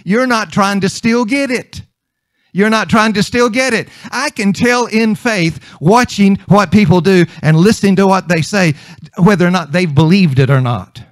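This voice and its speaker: A man's voice: high voice, moderate pace, no room sound. A male preacher delivering a conversational sermon, emphatic and repeating his points.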